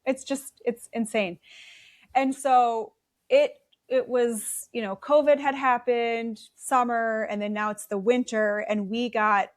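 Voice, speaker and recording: A woman's voice: a little high, slow. Chatty middle-aged Upper Midwest woman. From South Dakota. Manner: chatty, animated, acts out quoted voices. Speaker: guest. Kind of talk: casual conversational storytelling.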